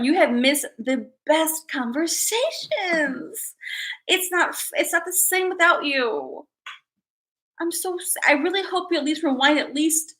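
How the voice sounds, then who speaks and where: Bubbly high-voiced woman streamer. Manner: bubbly, excitable, talks to viewers as guys. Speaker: livestream host. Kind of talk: casual livestream chat.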